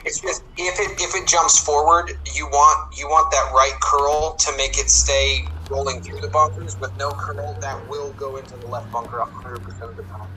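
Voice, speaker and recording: A man hosting casual game commentary, walking through each shot step by step in an easygoing way. His voice is bright and clear, pitched in an ordinary middle range, with a faint hum of background noise. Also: normal speed, hardly any pauses, rough recording. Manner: relaxed, explaining tips step by step. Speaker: host.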